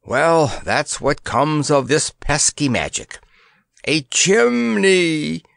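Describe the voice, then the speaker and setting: Man voicing a blustering old soldier for a storybook; slow, sweeping delivery. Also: a little high, animated, gravelly, fairly bright tone, no echo, clean studio sound, pitched above the performer's own voice, heavily acted. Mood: agitated. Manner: blustering, exclaiming.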